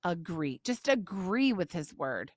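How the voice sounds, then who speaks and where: A woman's voice: on the low side, big pitch swings, measured pace, dry recording, clean studio sound. A middle-aged woman hosting a faith podcast, answering questions and reading scripture in an emphatic, passionate way. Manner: emphatic and passionate, getting on a soapbox. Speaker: podcast host.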